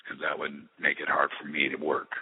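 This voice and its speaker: Man, middle-aged, very deep voice, husky, rambling with fillers, tinny phone-like sound, long reverb. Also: monotone, fairly quick. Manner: rambling, many restarts and fillers. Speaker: musician guest. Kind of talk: casual interview talk.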